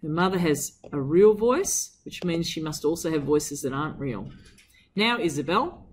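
A woman's voice: expressive, moderate pace, darkish tone, slight background noise. A woman teacher reading from a novel and analysing it with enthusiasm, putting questions to her students. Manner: enthusiastic, with wide swings of pitch and emphasis. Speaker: English teacher. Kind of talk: reading aloud and literary analysis.

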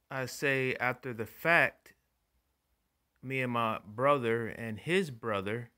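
A young man doing profane, animated stand-up storytelling and acting out voices. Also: mid-range voice. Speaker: stand-up comedian.

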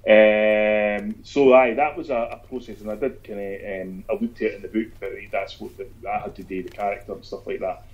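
Man, Scottish accent, author guest, animated storyteller, sweary, muffled lo-fi sound. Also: lowish voice, fairly quick, hardly any pauses. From Scotland. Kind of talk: casual interview chat. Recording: dull lo-fi sound.

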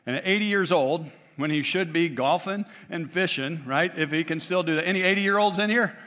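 A man's voice: a little high, a little fast, sharp tone. A man preaching a conversational sermon, with frequent restarts and asides to the congregation. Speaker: pastor. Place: church sanctuary. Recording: long church reverb.

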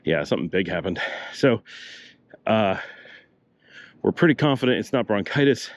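A travel vlogger in his older years narrates a walking tour through city streets outdoors, rambling chattily while breathing a little hard and giving a slight cough. His voice is on the low side and expressive, at a moderate pace.

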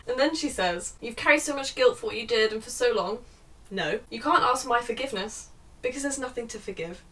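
A woman's voice: fairly high pitch, fairly quick, fairly bright tone, far from the mic. A young woman ranting sarcastically and swearing freely while reviewing a book.

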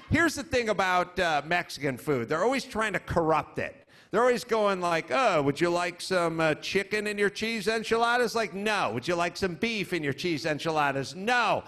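A man's voice: on the high side, a bit bright. A middle-aged man hosting a live comedy podcast, telling stories in a profane, exasperated rant and mocking people in put-on voices. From United States. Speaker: podcast host. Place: comedy club stage before a live audience.

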